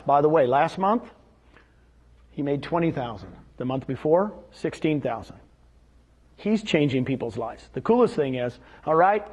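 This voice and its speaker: A middle-aged man with a rather high, husky voice speaks to a live audience. He gives a motivational sales talk and keeps the energy up. He quizzes the room with rhetorical questions. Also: a little mellow. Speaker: seminar speaker.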